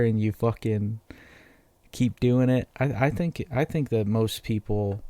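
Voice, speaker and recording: A young man from Massachusetts in his 20s hosts a casual solo podcast rant, profane, rambling, and self-deprecating. His voice is medium-pitched, warm, and clean, with no echo.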